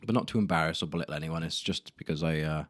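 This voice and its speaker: Low-voiced young man rambling. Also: fast talker, fairly bright tone, dry recording, clean studio sound. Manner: rambling, self-deprecating, casual swearing. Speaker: podcast host. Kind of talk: solo podcast storytelling. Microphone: camera mic in a room.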